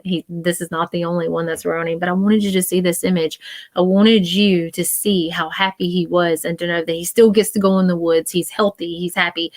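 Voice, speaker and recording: A woman with a fairly low voice gives a live-stream psychic reading, earnest and reassuring as she circles back to the same points. The sound is dry, with no room around her. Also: no room sound. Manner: emotional. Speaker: psychic medium.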